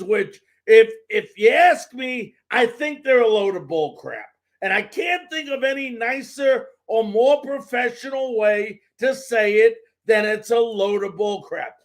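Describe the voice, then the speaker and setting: Sports talk host, male, very high voice, fired-up ranting delivery, hammers points by repeating words. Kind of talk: live sports talk show monologue.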